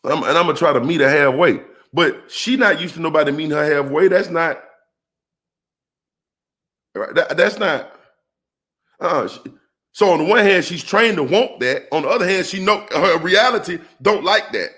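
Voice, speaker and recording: Man, fairly high voice, preacher-style relationship commentator talking straight to his viewers. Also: normal speed, long pauses, a bit bright. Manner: preacher-like call-outs to the audience; emphatic, rhetorical questions. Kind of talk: animated monologue to viewers.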